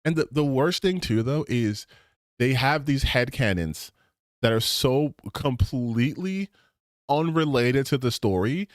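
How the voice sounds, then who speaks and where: Animated, profane male streamer, dry sound. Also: mid-range voice, a little slow, dry recording. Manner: animated and profane, with bursts of excitement. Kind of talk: casual stream rant.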